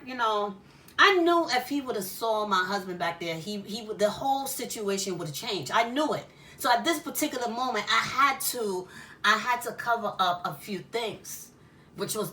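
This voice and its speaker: A woman telling a casual story about being pulled over, animated and profane, often laughing and acting out the exchange. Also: medium pitch, distant mic. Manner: lively, animated, swearing, with laughs. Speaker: spiritual shop owner and storyteller.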